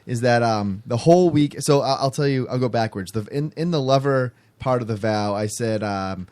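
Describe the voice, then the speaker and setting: A man's voice: medium pitch, normal speed, a little mellow, smooth. Rambling man telling a story. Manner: rambling, many restarts and fillers. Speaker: podcast guest telling a story. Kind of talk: casual chat, storytelling.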